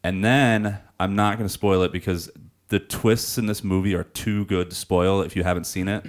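Podcast co-host, man, deep voice, loose and chatty, laughs a lot. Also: steady tone, normal speed. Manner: rambling, laughs often. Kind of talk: casual chat.

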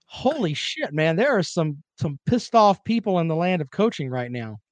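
A man's voice: a little high, sing-song, normal speed, no echo. A man hosting a casual sports talk show, rambling and joking while he fumbles for clips.

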